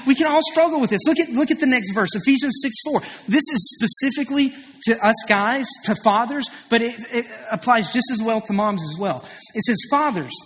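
A man's voice: very high-pitched, fairly bright tone. A man in his thirties preaching a sermon as pastor, earnest and confessional, telling stories with rising emphasis. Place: church auditorium. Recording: preached in a large reverberant hall.

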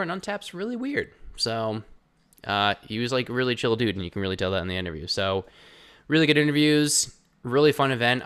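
A man's voice: on the low side, fairly bright tone, clean tone. A man hosting a casual podcast, easygoing and chatty, talking through his interviews. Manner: easygoing, laughs, casual fillers. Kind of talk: casual chat.

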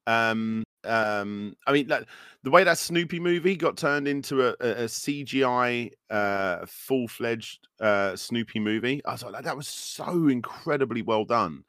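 A man's voice: mid-range voice, a little slow, a bit bright, dry recording, clean studio sound. A man in his thirties, a podcast host ranting animatedly in casual chat, with many fillers.

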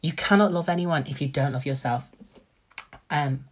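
A young man talks straight into the mic for his solo podcast, loose and animated, with a husky, slightly breathy voice. He swears freely and keeps slipping into quick impressions of his friends as he goes. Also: fairly high pitch. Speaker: podcast host. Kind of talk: casual solo podcast talk.

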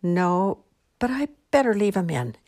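A woman's voice: mid-range voice, very animated, unhurried, darkish tone, pitched above the performer's own voice. A woman voicing a tough, bossy girl who is playing Mary in a church pageant, blunt and defiant in a read-aloud story.

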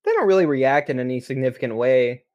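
A man running a tabletop game as game master, relaxed and steering players back on track. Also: medium pitch, quick pace, dull audio.

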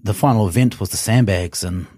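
A man, a strongman telling his competition story in an interview, animated and swearing often. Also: on the low side, brisk, slightly rough, no room sound, studio quality. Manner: animated, swears often, acts out his own past thoughts. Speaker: guest, strongman athlete.

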